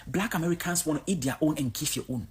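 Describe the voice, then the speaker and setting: A woman's voice: deep voice, fast talker, breathy edge. A woman from Cameroon, giving a blunt, outspoken vlog monologue. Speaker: vlogger.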